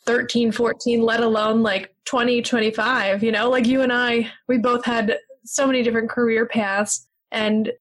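A woman's voice: fairly high pitch, flat delivery, normal speed, low-quality recording. A woman hosting a podcast interview in a friendly, upbeat conversational way. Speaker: podcast host. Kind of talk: casual interview chat.

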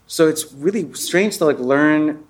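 A man's voice: on the high side, unhurried, slight background noise. A man chatting casually on a talk show as a comedian guest, rambling and cutting himself off, breaking into laughter. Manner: rambling, self-interrupting, with bursts of put-on voices and laughter.

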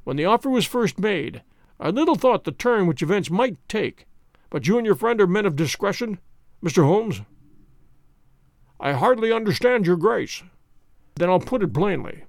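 A man's voice: high voice, sing-song, moderate pace, vocal fry, long pauses, no room sound, studio quality, full character voice. A man voicing a proud, aging male nobleman who speaks in a stern, imperious way.

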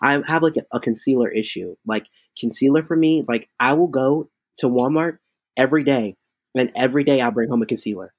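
This man performs as a drag queen and tells chatty, animated stories in a casual interview, packed with fillers. His mid-range voice has a breathy edge and moves a little fast, captured in a dry recording.

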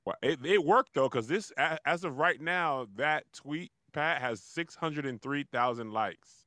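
A man's voice: a little high, a little slow, bright, forceful tone, no room sound, clean studio sound. A man co-hosting a podcast, trading teasing jokes in casual debate chat. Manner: teasing, joking banter. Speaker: podcast co-host. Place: podcast studio.

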